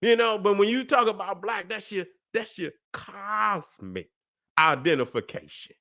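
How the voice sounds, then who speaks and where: Dude preaching on his livestream, high voice, cusses a lot, keeps asking if you get it. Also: expressive, measured pace, gravelly, sharp tone. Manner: profane, emphatic, constantly asks "you see what I'm saying". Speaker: livestream host.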